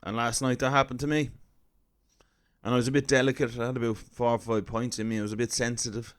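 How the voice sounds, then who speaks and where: Irish man, thirties, mid-pitched, wry self-deprecating comic storyteller. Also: level tone, quick pace. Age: 30s. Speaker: comedian storyteller.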